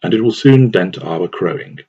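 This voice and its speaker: A man reads a scripted advice text in a slow, deliberate manner. His voice is very low and gravelly, with a husky edge. The recording sounds dull and lo-fi. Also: expressive, mellow.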